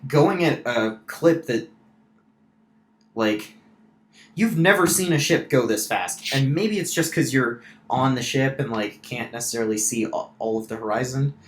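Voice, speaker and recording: A man narrating a tabletop game as game master, casual and full of fillers. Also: mid-range voice. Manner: casual, many fillers and restarts. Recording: roomy echo.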